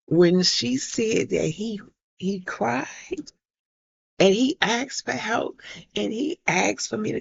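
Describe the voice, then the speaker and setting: A woman's voice: mid-range voice, vocal fry, breathy edge, dry recording, lo-fi sound. A middle-aged woman vlogger telling a personal story to camera in an emphatic way, repeating herself and acting out what others said. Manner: emphatic, repeats herself, acts out quoted voices.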